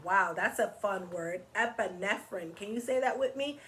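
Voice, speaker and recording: Animated woman reading aloud to kids. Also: medium pitch, moderate pace, few pauses. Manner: animated, teacherly, asks children questions. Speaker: children's story reader. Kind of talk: read-aloud for children.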